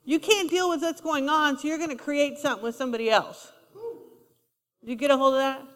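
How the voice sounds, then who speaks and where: A woman's voice: sits high, fairly even intonation, fairly quick, a bit bright. A woman preaching a sermon in a conversational style, acting out quotes as she goes. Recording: long reverb of a large hall.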